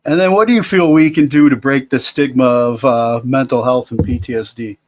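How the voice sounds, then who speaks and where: A man hosting a podcast, asking relaxed questions and giving short reactions. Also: medium pitch, a little fast, no room sound. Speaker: podcast host. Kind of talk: casual interview.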